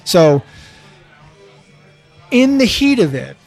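A man in his fifties chatting casually, halting with restarts and swearing freely. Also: high-pitched, sing-song, vocal fry, soft background music. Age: 50s. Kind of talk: casual chat.

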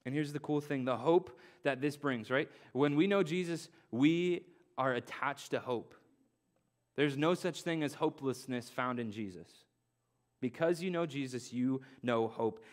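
A man's voice: mid-range voice, moderate pace. A young man, a pastor, preaching an earnest sermon, repeating key phrases and dropping in casual slang.

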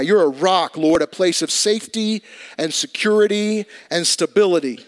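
Pastor guy, high-ish voice, preaches casual but gets loud then real quiet. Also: normal speed. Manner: conversational preaching with dramatic swings in volume and pitch. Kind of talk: sermon.

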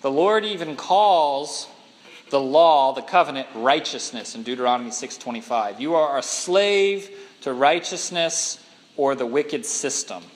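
A man's voice: mid-range voice, measured pace, in a large hall, poor audio. A man preaching a sermon to his church, speaking emphatically and putting questions to the congregation. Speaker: pastor.

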